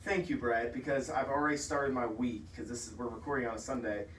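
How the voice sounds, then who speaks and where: A man's voice: medium pitch, steady tone, fast talker, a bit bright, echoey room, recorded from a distance, slight background noise, low-quality recording. A man co-hosting a casual food podcast, telling stories with enthusiasm and laughing easily. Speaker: podcast co-host. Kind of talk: casual chat. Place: office.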